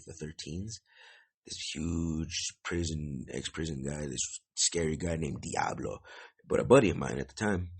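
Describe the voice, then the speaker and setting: A young man hosting a podcast, telling a story in a rambling, profane way with lots of fillers and a gravelly, husky voice. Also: a bass voice. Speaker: podcast host. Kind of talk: casual storytelling monologue.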